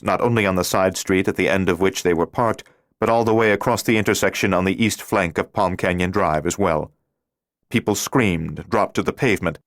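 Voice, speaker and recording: A man narrating a thriller audiobook in a steady, measured reading voice. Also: sits low, no echo, clean studio sound. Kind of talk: scripted narration.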